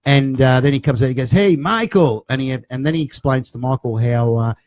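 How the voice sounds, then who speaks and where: A man telling a story in a casual chat. He is lively and jokey and acts out what people said. His voice sits at a middle pitch. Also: fairly quick, no echo. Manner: lively, jokey, tells stories with voiced quotes. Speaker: guest, storyteller.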